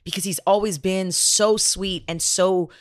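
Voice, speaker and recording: A woman's voice: measured pace, no echo, studio quality. A woman in her thirties co-hosting a parenting podcast in casual chat, acting out dialogue with big swings in her voice. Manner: animated storyteller who acts out dialogue with big pitch swings. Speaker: podcast co-host.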